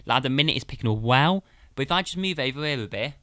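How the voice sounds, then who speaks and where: A man's voice: medium pitch, expressive, quick pace, pushed and bright. A man giving a casual, chatty product review, repeating himself and calling his viewers guys. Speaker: tech reviewer.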